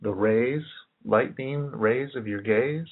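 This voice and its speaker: Taking it slowly, a man with a mid-range voice delivers a meandering presentation as an independent researcher. He muses aloud and keeps restarting and repeating phrases, on a tinny lo-fi recording.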